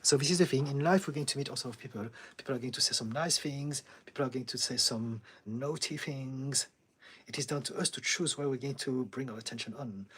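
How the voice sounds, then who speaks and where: Calm, husky-voiced male therapist. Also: medium pitch, a little fast. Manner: calm, steady and reassuring, with frequent light laughs. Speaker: therapist hosting a live Q&A. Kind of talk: live-stream Q&A, reading chat comments.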